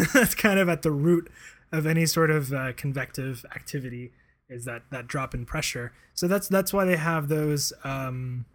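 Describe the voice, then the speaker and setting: A man co-hosting a casual podcast. His voice sits a little high for a man, and he rambles in a relaxed way, piling up fillers and chuckles as he talks. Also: moderate pace. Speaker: podcast co-host. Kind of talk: casual chat.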